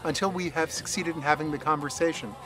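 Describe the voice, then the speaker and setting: A man giving a documentary interview, speaking in an earnest, measured way. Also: on the high side, fairly even intonation, over music.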